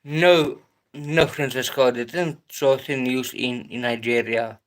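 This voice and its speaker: Slow, hesitant man. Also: mid-range voice, steady tone, a bit bright. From South Africa. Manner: slow, hesitant, many restarts and fillers. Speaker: livestream host answering chat. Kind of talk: casual live-stream chat.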